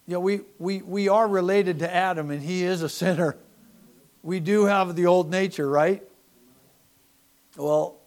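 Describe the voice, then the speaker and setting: A middle-aged man preaching a sermon, animated, swinging from loud emphasis to soft asides. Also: medium pitch. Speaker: pastor.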